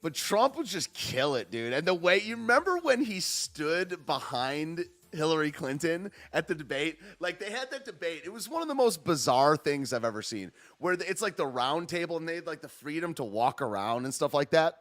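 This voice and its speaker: A man hosting a podcast, chatting in an excitable, rambling way, dropping 'dude' and 'man' and laughing often. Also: on the high side, moderate pace, few pauses. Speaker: podcast host. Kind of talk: casual live-stream commentary.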